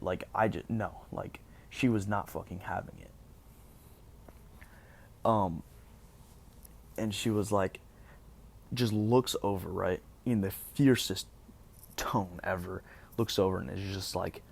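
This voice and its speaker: Young man, low voice, gravelly, casual storytime, rambling, profane. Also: measured pace, pauses often. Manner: animated, profane, rambling with fillers. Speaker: vlogger. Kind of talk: casual storytime, recounting an incident.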